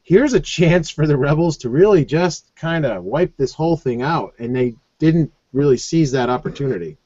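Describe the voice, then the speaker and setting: A man co-hosting a casual review chat, animated and chatty, heard over a muffled online call. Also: a little high, normal speed, no room sound. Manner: animated, chatty, leans on "like" and "kind of". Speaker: show co-host.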